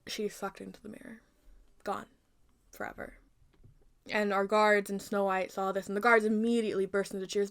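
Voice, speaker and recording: A woman creator retelling her own version of a fairy tale in a chatty, animated way, with playful asides. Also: mid-range voice, moderate pace. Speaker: video creator. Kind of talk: casual storytelling commentary.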